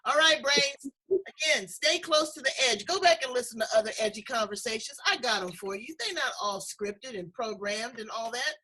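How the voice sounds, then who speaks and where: Husky bright-voiced woman hosting a chat. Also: on the high side, lively intonation, normal speed, low-quality recording. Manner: effusive, encouraging, emotional. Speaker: host. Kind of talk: casual chat.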